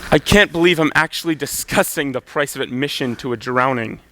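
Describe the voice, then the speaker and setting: A teenage male student actor playing an indignant, exasperated gentleman in a live school stage play, with a huffy, incredulous delivery. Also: medium pitch, brisk, natural voice.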